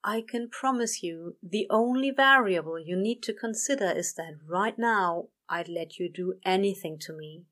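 A woman voicing a nervous male demon who talks softly and breathlessly. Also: mid-range voice, moderate pace, few pauses, natural voice. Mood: murmured. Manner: soft, breathless and murmured.

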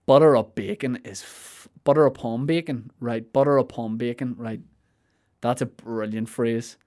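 A man's voice: medium pitch, normal speed, a little mellow. A man, a comedian riffing playfully through a podcast monologue with plenty of swearing.

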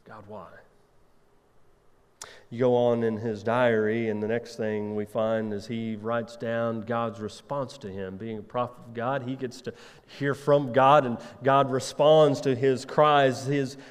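A man's voice: medium pitch, level tone, measured pace, smooth, big-room sound. A man preaching a sermon as pastor, talking conversationally and asking his listeners rhetorical questions.

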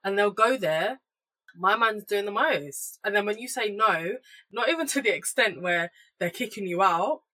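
A woman's voice: mid-range voice, animated, normal speed, pushed and bright. A young woman, chatting bluntly and sharing her opinions as a podcast co-host. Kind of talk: casual chat.

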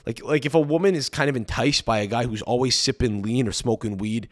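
Man, podcast host, solo rant, swears a lot, rambling, mid-pitched voice. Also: brisk. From Montreal, Canada. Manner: profane, rambling, opinionated.

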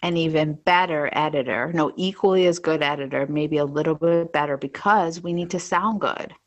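A woman's voice: sits low, normal speed. A woman co-hosting a podcast in casual chat, playful and teasing in her remarks. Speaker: podcast co-host.

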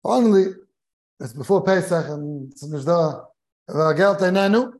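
Chuckling rabbi telling a Torah tale. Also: male voice, on the high side, normal speed. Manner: animated storyteller who chuckles while telling; peppers English with Hebrew and Yiddish terms. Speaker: rabbi giving a Torah class. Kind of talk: lecture with a humorous story. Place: study hall of a kollel.

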